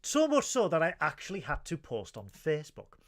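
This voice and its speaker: Mock-grand host. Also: male voice, on the high side, big pitch swings, a bit bright. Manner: mock-grand, teasing, rapid comic rants. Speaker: podcast host. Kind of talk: comedic review show chat.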